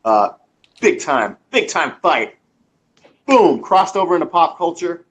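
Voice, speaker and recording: A man co-hosting a casual chat, speaking slowly and bluntly with halting restarts. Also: fairly high pitch, very animated, slightly rough, low-quality recording. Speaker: co-host.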